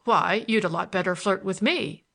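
A woman reading the lines of a smitten young gentleman in an audiobook, earnest and a little awkward. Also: medium pitch, normal speed, creaky. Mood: gallant. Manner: earnest, gallant, slightly awkward.

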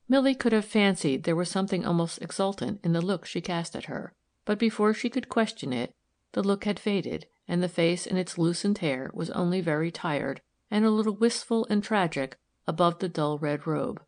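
A woman narrating a novel aloud in a calm, even storytelling manner. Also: lowish voice, moderate pace. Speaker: audiobook narrator.

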